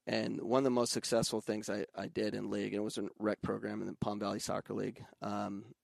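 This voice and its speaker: A man with a fairly low, gravelly voice talks about youth soccer in a loose, conversational way. He often jumps up in pitch to mimic other coaches and shouting parents. The sound is close and dry, with no room around it. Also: flat delivery, fast talker, no echo. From Arizona. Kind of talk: casual podcast conversation.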